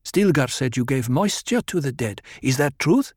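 A man's voice: lively intonation, normal speed, darkish tone, breathy edge, no room sound. A man voicing an anxious, proud young desert woman in a raised, insistent voice, in a dry recording. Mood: wary. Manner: pleading, insistent, high put-on voice.

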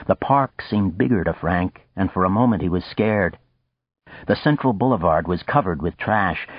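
Male audiobook narrator, low husky voice, steady deliberate reading, dull muffled audio. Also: no room sound. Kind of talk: scripted narration of a novel.

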